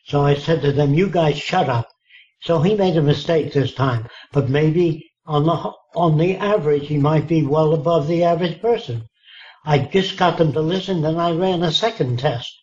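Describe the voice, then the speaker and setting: A man's voice: fairly high pitch, moderate pace, darkish tone, muffled recording. A man in his nineties telling anecdotes in an interview, acting out quoted dialogue with emphatic asides. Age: 90s. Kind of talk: storytelling in a relaxed interview.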